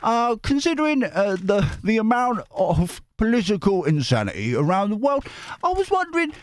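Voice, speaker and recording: A man's voice: sits high, wildly swooping pitch, normal speed, pitched above the performer's own voice. A man reading out a male viewer's message in an overdone, sing-song mock Cockney voice. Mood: cheery.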